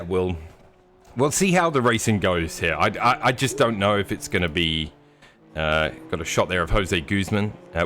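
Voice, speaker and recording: A man's voice: low voice, fairly bright tone, a little hiss or hum. A man commentating a sim race live, joking and teasing his co-host. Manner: jokey, playful teasing.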